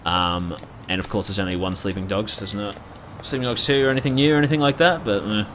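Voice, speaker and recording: A man's voice: fairly low pitch, fairly even intonation, fast talker, fairly bright tone, slight background noise. A young man chatting loosely as a gaming streamer, rambling and swearing freely. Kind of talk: casual live-stream commentary.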